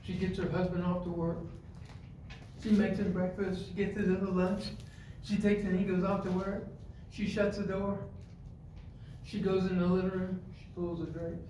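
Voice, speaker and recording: A male preacher giving a sermon, dropping to quiet asides and rising to loud, emphatic points as he directs the congregation. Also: high voice, level tone, moderate pace. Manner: acts out stories and gives the congregation physical directions. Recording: echoey hall, mic far off, faint room noise.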